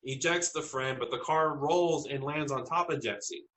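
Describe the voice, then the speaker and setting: A man from South Texas, a podcast interview guest, earnestly telling personal stories with halting restarts. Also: a little high, fairly bright tone, a little hiss or hum, poor audio.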